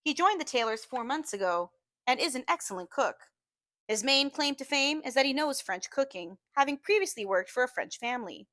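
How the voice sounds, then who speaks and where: Bright-voiced woman reading a novel aloud. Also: high-pitched, expressive, no room sound. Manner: measured storytelling, slowing to stress key phrases. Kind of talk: audiobook-style reading.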